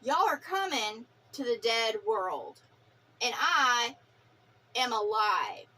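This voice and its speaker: High-voiced woman in a profane spiritual rant. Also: expressive, takes it slowly, sharp tone. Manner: fiery, profane, preachy and defiant. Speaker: vlogger.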